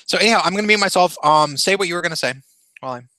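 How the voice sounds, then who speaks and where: Male stream host for a casual call: forceful bright tone, higher register, dry sound, wandering delivery full of fillers. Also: very fast, dry recording. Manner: rambling, many fillers and restarts.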